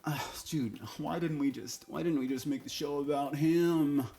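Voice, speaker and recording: A man's voice: on the high side, moderate pace, gravelly, mellow, faint music behind. Blunt, swearing man giving a casual review. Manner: blunt, opinionated, swears freely. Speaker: TV show reviewer.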